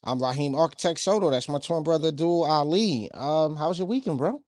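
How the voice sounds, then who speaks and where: An energetic man co-hosts a casual podcast. He talks in bursts and keeps restarting his sentences. His voice is dry and close, with no room sound at all. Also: on the high side, brisk, dry recording. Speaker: podcast co-host. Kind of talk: casual political podcast chat.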